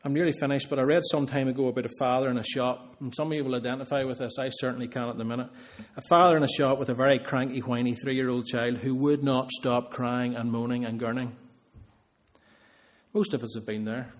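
A man's voice: medium pitch, fairly even intonation, a little fast. A man preaching a sermon, earnest, building emphasis through repeated phrases.

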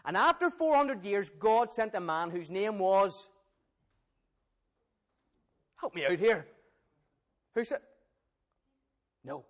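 Preacher, lively storyteller, higher-pitched man. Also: slow pace, pauses often. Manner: animated, questions the audience. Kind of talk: Bible storytelling sermon.

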